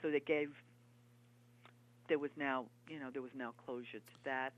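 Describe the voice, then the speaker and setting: A woman interview guest and author, talking in an earnest, halting, reminiscing way. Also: rumbling low, fairly even intonation. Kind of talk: conversational interview. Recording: dull lo-fi broadcast audio.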